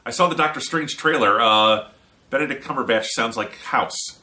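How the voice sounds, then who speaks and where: A man's voice: mid-range voice, moderate pace, pushed and bright. A man giving a casual, opinionated spoken movie review with an American accent and sarcastic asides.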